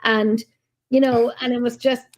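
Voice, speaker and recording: A woman's voice: a little high, little pitch movement, measured pace. A woman co-hosting a casual online chat, telling stories in a rambling, exclamatory way over a video call. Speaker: co-host. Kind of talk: casual chat on a live stream.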